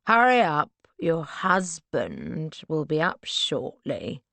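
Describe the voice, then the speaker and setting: A woman voicing a brazen, tipsy young gentleman who pleads in a hushed, insistent voice in an audiobook. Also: low-pitched, animated, measured pace, dry recording. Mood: pleading.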